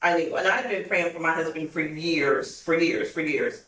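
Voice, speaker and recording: Podcast guest, woman, animated storyteller, roomy distant sound. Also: low voice, moderate pace. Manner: animated, laughs often while telling stories. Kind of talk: casual storytelling.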